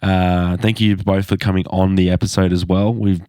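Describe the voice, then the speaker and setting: A man hosting a podcast with a hoarse, croaky voice, talking in a laid-back way. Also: low voice, level tone, normal speed, mellow, no echo, clean studio sound. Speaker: podcast host. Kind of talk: casual chat.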